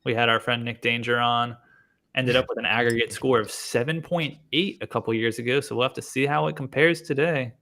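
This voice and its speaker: A man's voice: mid-range voice, fairly even intonation, a little fast, sharp tone. A man co-hosting a casual podcast chat, teasing the others with dry jokes. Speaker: podcast co-host.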